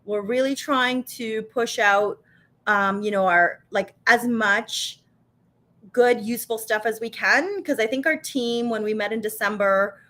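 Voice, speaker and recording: The speaker is a woman with a higher voice and a sharp tone, talking a little slowly. As co-founder and live show host, she chats upbeat on a casual stream from her home kitchen, restarting often and using many fillers.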